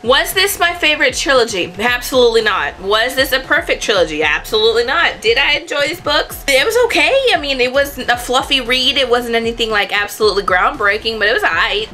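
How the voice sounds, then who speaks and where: A woman's voice: a little high, animated, a little fast, hardly any pauses, pushed and bright, soft background music. A young woman chatting casually to camera about books, rambling and correcting herself as she goes. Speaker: book vlogger.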